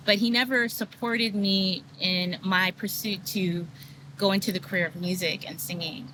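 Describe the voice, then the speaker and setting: A woman's voice: mid-range voice, fairly even intonation, moderate pace, background noise. A woman telling her personal story as a podcast guest, earnest and frank, with lots of fillers. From United States. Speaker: guest, sound healer. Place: video podcast set.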